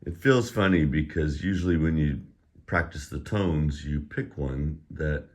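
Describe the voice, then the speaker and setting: Slightly out of breath, a language teacher with a bass voice speaks a little slowly during a pronunciation lesson. He drills each syllable in a raised voice, then explains in a plain conversational way.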